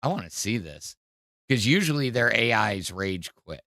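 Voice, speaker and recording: A man's voice: lowish voice, big pitch swings, moderate pace, pushed and bright, no echo. A man hosting a podcast, giving rambling, hesitant casual commentary with many fillers on a close mic. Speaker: podcast host.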